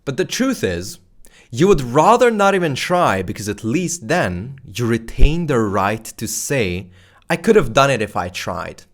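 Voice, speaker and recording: A YouTube creator with a mid-range voice teaches video creators strategy, leaning close to a camera-facing microphone. His energetic talking-head lesson is loud, playful, slangy, and casual, with deliberately exaggerated, animated excitement.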